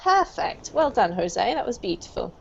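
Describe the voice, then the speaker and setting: A woman's voice: fairly high pitch, sing-song, normal speed, vocal fry, breathy edge. A woman teaching English pronunciation to an online group class, encouraging and praising her students. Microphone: video call. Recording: muffled lo-fi video call audio.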